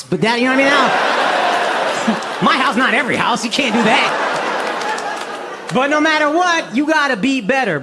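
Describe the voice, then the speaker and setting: A man's voice: high voice, bright, forceful tone, a little hiss or hum. An American man in his thirties from Texas doing brash, profane stand-up comedy with crowd work, recorded live on stage.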